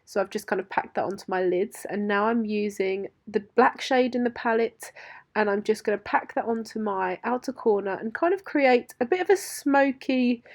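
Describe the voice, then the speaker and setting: A woman's voice: medium pitch, normal speed. Chatty woman narrating a makeup tutorial. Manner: chatty and upbeat, with fillers and asides. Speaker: beauty vlogger.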